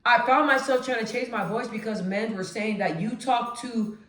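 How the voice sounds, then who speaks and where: Woman, deep voice lifted a bit higher, emphatic vlog monologue, echoey room. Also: normal speed. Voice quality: deep voice she raises a notch. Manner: emphatic, animated, conversational. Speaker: vlogger. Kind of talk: direct-to-camera monologue.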